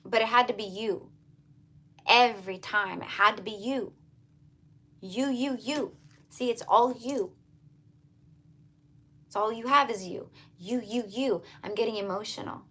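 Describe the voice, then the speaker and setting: A woman's voice: fairly high pitch, unhurried, long pauses, a bit bright, husky. A woman giving a casual tarot reading, talking earnestly and repetitively to her viewers. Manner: earnest, repetitive, emphatic, addresses viewers as you guys. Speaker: tarot reader.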